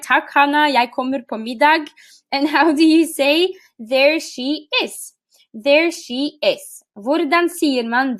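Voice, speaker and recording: A woman's voice: high voice, fairly bright tone. A Norwegian-speaking woman teaching a live webinar lesson, patiently repeating phrases and calling on participants by name. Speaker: language teacher.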